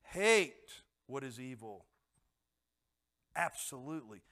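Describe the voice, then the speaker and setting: A man's voice: mid-range voice, very animated, slow, a bit bright. A middle-aged man preaching a sermon in a conversational way, asking the congregation questions and acting out voices. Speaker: pastor.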